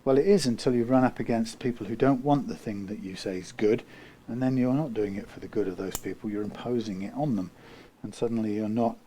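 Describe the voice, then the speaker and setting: A man working as a guitar technician who muses aloud while he works, rambling and often trailing off into quiet muttering. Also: fairly low pitch, fairly even intonation, a little fast, hardly any pauses, slight background noise.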